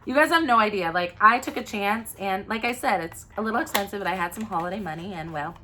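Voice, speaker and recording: A woman vlogging a makeup unboxing in a casual, gushing, excitable way, often gasping. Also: mid-range voice, fast talker, hardly any pauses, slight background noise. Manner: gushing, excitable, gasps and squeals. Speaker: mom vlogger.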